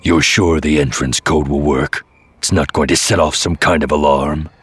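A man's voice: very deep voice, steady tone, normal speed, breathy edge, heavily acted. A man voicing a grim, wary male Sith warrior who speaks in a clipped growl. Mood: tense.

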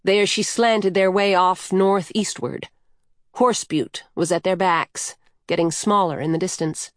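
A woman narrating a storybook in a slow, measured, lyrical way. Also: on the low side, steady tone, no echo, clean studio sound. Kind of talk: scripted audiobook narration.

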